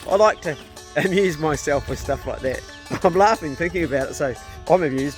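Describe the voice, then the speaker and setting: A middle-aged farm vlogger rambling casually outdoors while walking his dogs, speaking to them and laughing at himself. His voice sits a little higher than most men's, with faint music underneath. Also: moderate pace. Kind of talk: casual vlog chat.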